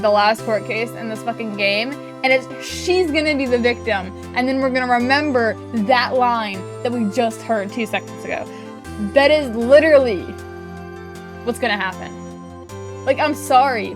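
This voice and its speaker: A woman streaming a game, reacting excitably with swearing, rants and laughter. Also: on the high side. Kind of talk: let's play commentary.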